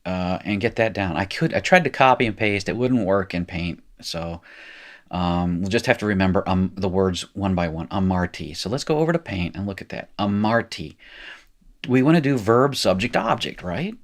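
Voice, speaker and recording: Low-voiced man teaching a lesson. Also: normal speed. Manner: chatty, explanatory, thinking aloud. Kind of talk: recorded screen lesson.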